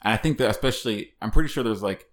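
Lowish voiced guy ribbing his cohost, dry jokey podcast chat. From United States. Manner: teasing, dry, quick-witted. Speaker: podcast co-host. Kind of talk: casual chat.

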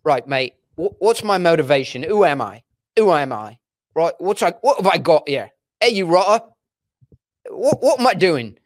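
A fussy, self-absorbed British actor frets in a plummy, clipped voice, as a man puts him on. The voice sits high and runs quick, anxious over his own motivation. Every phrase comes out fretting. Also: sing-song, no room sound, studio quality. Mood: fretful.

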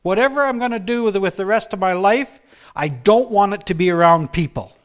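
A man preaching a sermon built on his own testimony, telling it earnestly and dropping to a hush for emphasis. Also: high-pitched, lively intonation, brisk.

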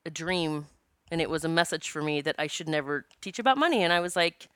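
A middle-aged woman telling a personal story in a casual, animated way, with swearing and laughter. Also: low voice, quick pace, smooth, no room sound, clean studio sound. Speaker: author and speaker.

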